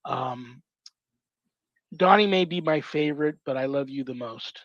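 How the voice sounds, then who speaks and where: A talk show host in a mid-range, fairly bright voice says warm, gushing farewells to each guest in turn, taking his time. The sound is dull and lo-fi, though without echo.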